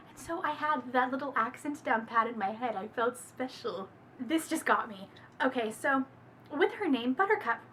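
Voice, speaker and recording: A young woman chatting casually in a book review, gushing and animated with dramatic exclamations. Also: high-pitched, slight background noise.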